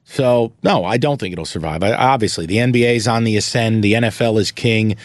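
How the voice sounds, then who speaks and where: A man's voice: lowish voice, fairly quick, no echo. A man hosting a casual sports podcast, blunt and opinionated, with salty language. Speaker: podcast host.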